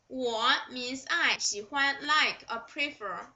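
A woman's voice: sits high, slow pace, few pauses, pushed and bright. A woman with a Chinese accent teaching Mandarin, repeating each phrase and glossing it word by word in English. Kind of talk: slow vocabulary lesson.

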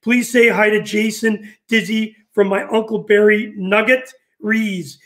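A man's voice: sits high, steady tone, a little slow, a bit bright. A man hosting a casual live interview, chatty and joking with his guest. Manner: chatty, jokey banter. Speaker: host.

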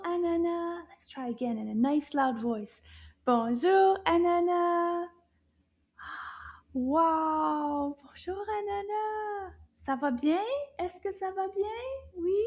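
High, slow-talking woman teaching kids. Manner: animated, exaggerated gasps and wows for kids; asks the listener to repeat after her. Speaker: children's French teacher. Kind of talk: children's language lesson.

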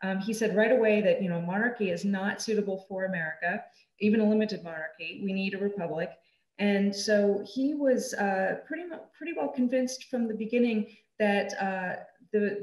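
A woman's voice: medium pitch, darkish tone, roomy sound, rough recording. A woman moderating a seminar discussion over a video call, talking hesitantly with many ums.

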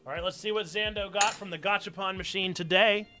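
A man's voice: high voice, steady tone, brisk, music in the background. A man hosting a casual live stream, chatting playfully with viewers and poking fun at himself. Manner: playful, self-mocking, chatty asides to chat. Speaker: streamer and church community host. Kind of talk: casual live-stream chat with reading aloud.

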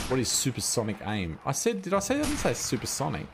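A man giving jokey, excitable live commentary as a game streamer, joking with chat and swearing now and then. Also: medium pitch, quick pace, background noise. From Australia.

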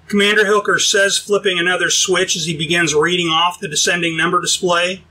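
A man narrating a science-fiction audiobook in an even, explanatory storytelling manner. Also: high voice, a little fast, hardly any pauses, low-quality recording. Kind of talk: scripted narration.

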